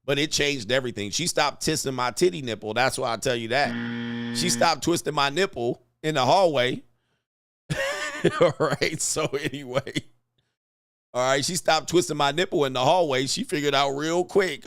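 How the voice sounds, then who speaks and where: A man telling a rambling high school story in casual commentary, swearing, laughing often and acting out what people said. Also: normal speed, no echo, studio quality. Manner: animated, profane, laughs often, acts out quotes. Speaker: commentary streamer.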